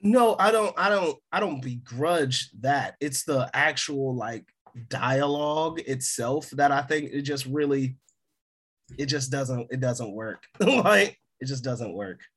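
A man's voice: medium pitch, expressive, takes it slowly, fairly bright tone, breathy edge. A man co-hosting a casual film review podcast, peppering his talk with "like" and frequent laughs. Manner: laughs often, many "like" fillers. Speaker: podcast co-host.

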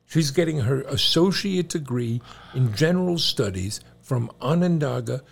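Gravelly-voiced dad telling jokes. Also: male voice, medium pitch, expressive, measured pace. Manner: chuckling, playful storyteller. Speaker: co-host, father. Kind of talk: casual chat, joke telling.

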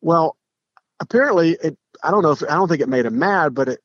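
Husky middle-aged man telling stories. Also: on the high side, a little fast, no echo. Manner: animated, restarts, acts out quotes. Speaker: podcast guest, pro golfer. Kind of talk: casual storytelling. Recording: dull lo-fi podcast audio.

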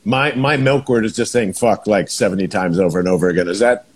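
A man hosting a casual chat, halting and searching for words with many restarts. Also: fairly low pitch, slightly rough.

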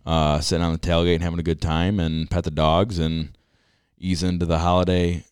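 A man's voice: low voice, little pitch movement, brisk, a little mellow, clean tone, dry recording, studio quality. A man co-hosting a podcast in easygoing casual chat, laughing as he talks. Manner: easygoing, laughs while talking. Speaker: podcast co-host.

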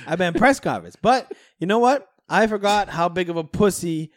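A man's voice: high voice, normal speed, no echo, studio quality. A man co-hosting a casual sports podcast, joking and swearing as he argues his points. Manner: joking, animated, swears freely. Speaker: podcast co-host.

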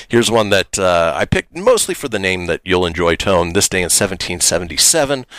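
A man's voice: sits low, no room sound. A man hosting a radio show, reading this-day-in-history items in casual banter. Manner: lively, reads items then jokes.

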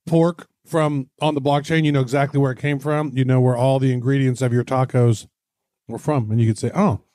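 A man's voice: medium pitch, flat delivery, a little fast, mellow, no echo, studio quality. A man as a podcast guest in a casual chat, playful and agreeable.

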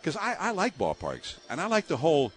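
Fairly high-pitched and fairly quick, the voice belongs to an older man who broadcasts baseball and comes from the San Francisco Bay Area. He tells lively stories in an interview, laughing often and using plenty of fillers.

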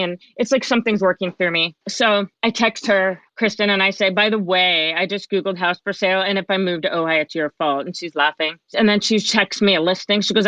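A middle-aged woman talking as a podcast guest, telling a personal story in a lively, chatty way and acting out the lines of other people. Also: mid-range voice, dry recording. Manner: animated, chatty, acts out quoted dialogue. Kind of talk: conversational storytelling. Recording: dull, dry lo-fi sound.

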